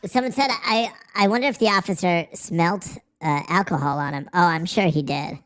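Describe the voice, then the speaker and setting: A man's voice: high-pitched, normal speed, a bit bright. A man hosting a livestream, ranting in a profane, sarcastic and rambling way through a voice changer. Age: adult, married. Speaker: livestream host. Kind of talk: casual livestream chat.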